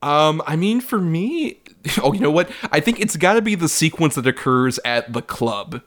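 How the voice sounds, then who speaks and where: A man's voice: fairly high pitch, lively intonation, moderate pace, fairly bright tone. A man co-hosting a film podcast, rambling casually with lots of "like", swearing and laughing. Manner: rambling, filler-heavy, profane, laughing. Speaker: podcast co-host. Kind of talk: casual film review chat.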